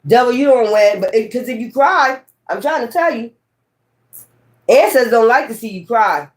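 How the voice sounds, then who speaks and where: A woman's voice: fairly high pitch, animated, moderate pace. A woman tarot reader chatting casually and bluntly to her viewers, swearing freely and repeating herself for emphasis. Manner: repetitive, talks straight to viewers. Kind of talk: casual tarot reading chat.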